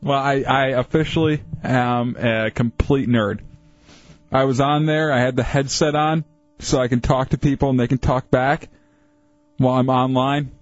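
A man co-hosting a radio show, telling a story in an animated, ranting way with many fillers. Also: mid-range voice, normal speed, no room sound, soft background music. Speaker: radio co-host. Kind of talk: casual radio banter. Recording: dull lo-fi radio broadcast.

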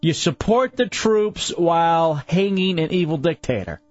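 Opinionated male radio host, slightly high. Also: animated, unhurried, a little mellow, no room sound, lo-fi sound. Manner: opinionated, argumentative. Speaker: radio talk show host. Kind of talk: casual radio chat.

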